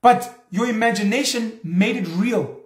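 A young South African man hosting his own show, giving a casual, animated monologue and acting out imagined back-and-forth dialogue. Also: high-pitched, measured pace, roomy sound. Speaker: show host. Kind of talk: casual monologue on culture and religion.

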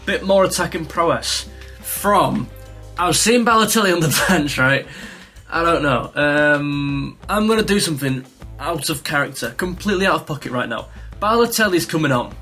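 A young man commentating his own football video game, ranting with frustration and yelling when chances come. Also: fairly high pitch, moderate pace. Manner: excitable, swings between frustrated rants and yelling at shots. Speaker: gaming YouTuber. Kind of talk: live gameplay commentary. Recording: faint music behind.

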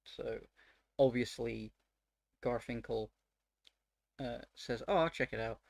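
A man recounting a tabletop game session as its dungeon master, rambling with many fillers and growing excited and exasperated as he goes. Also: mid-range voice, takes it slowly, gravelly, no echo.

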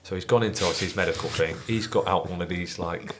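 A man in his thirties, a former footballer, telling a lively locker-room anecdote on a podcast as a guest, with loose, profane, animated storytelling. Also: low-pitched, quick pace, background noise. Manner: animated storyteller, swears freely.

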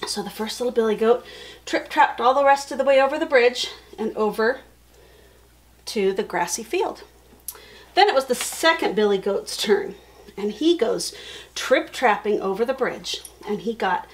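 A woman teacher telling a children's story with a felt board, friendly and expressive. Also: on the high side, normal speed. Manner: friendly, expressive read-aloud.

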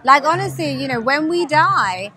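Bright high-voiced British woman. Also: lively intonation, moderate pace. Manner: effusive, enthusiastic. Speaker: guest. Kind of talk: casual conversation.

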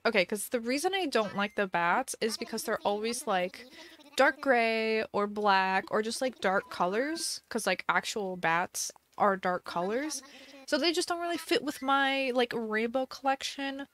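A woman's voice: a little high, measured pace. A young woman streamer in casual chat, giggly and talkative, reading out viewer messages. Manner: chatty, giggly, reads viewer messages aloud. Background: soft music.

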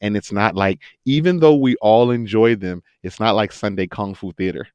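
Animated, laughing male actor, fairly low voice. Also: normal speed, smooth, no echo, lo-fi sound. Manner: animated storyteller, laughs often, jumps into quoted voices. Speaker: actor and voice actor, podcast guest. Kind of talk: casual interview chat.

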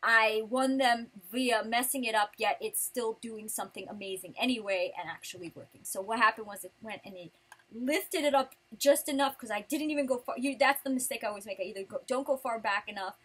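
A woman vlogger chatting casually while showing off her prize haul, rambling and breaking into animated outbursts. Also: fairly high pitch, fairly quick, breathy edge. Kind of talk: casual chat.

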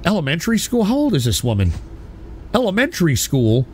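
A man streaming live, commenting on a raid with mock concern and loud exclamations. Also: a little high, wildly swooping pitch, a little fast, a little hiss or hum. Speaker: streamer reacting to raids.

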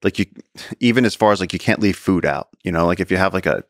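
A man speaking as a podcast guest, a conservationist and explorer, telling stories in an animated, casual way and often repeating words as he goes. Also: low voice, quick pace, dry recording, clean studio sound. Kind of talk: casual storytelling conversation.

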